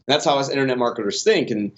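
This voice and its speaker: A man's voice: mid-range voice, fast talker. A man telling his business stories on a podcast, loose and rambling, often backing up and restarting his sentences. His voice sits in a middling range. The recording sounds a bit dull and lo-fi. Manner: rambling, many restarts and fillers, animated in stories. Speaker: podcast guest, online business owner. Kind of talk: casual conversational storytelling.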